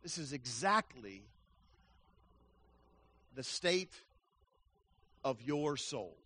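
Preaching an evangelistic sermon with fervor, this man has a medium-pitched, sing-song voice with a breathy edge. He swings from quiet to loud and builds slow, emphatic strings of words.

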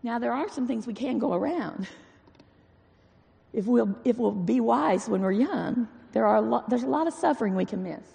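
A woman's voice: a little high, expressive, normal speed, vocal fry, mellow, big-room sound. A woman giving an informal, earnest sermon in a folksy way, repeating phrases for emphasis. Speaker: church speaker.

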